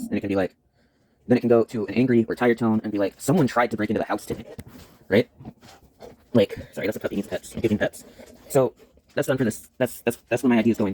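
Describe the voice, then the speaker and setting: A man's voice: lowish voice, warm tone, no room sound, low-quality recording. A man explaining things casually on a vlog, rambling and self-interrupting, with many fillers. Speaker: YouTuber.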